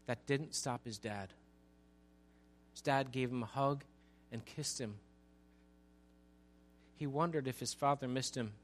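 A pastor preaching a sermon in a conversational way, with asides to the congregation, and building to an emphatic, raised delivery. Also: male voice, mid-range voice.

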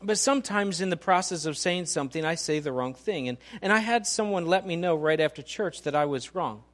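A man's voice: a little high, expressive, a little fast, a bit bright. A middle-aged male pastor giving a conversational sermon, often restarting his sentences and poking fun at himself. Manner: conversational, self-deprecating preaching with many restarts.

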